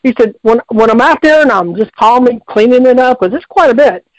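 A man's voice: extremely high pitch, animated, a little fast, no echo, lo-fi sound. A man calling in to a radio show, telling a long story in a rambling, folksy way with many restarts. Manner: folksy, repetitive, lots of restarts.

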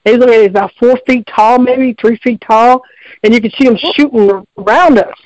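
A man's voice: very high-pitched, normal speed, no echo, dull audio. A man calling in to a radio show, telling a long story in a rambling, folksy way with many restarts. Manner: folksy, repetitive, lots of restarts.

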